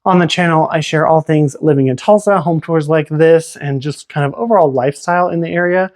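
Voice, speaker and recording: A man with a slightly higher-than-average voice leads a casual tour through a house. He chats and exclaims over the features as he walks room to room, recorded on a handheld camera. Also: a little fast, darkish tone. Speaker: realtor giving a home tour. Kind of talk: casual walk-through narration. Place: inside a house, walking room to room.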